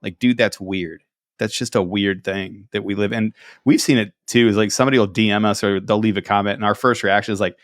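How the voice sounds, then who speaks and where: Sarcastic low-voiced man on a podcast. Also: a little fast, no room sound, studio quality. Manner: animated, sarcastic, acts out quoted people. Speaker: podcast co-host. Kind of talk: casual podcast chat.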